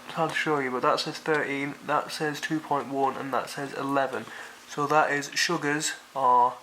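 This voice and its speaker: Yorkshire guy rambling through a food review, swears a lot, mid pitch, v bright tone. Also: fairly even intonation, moderate pace, slight background noise, low-quality recording. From Yorkshire, England. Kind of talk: casual product review.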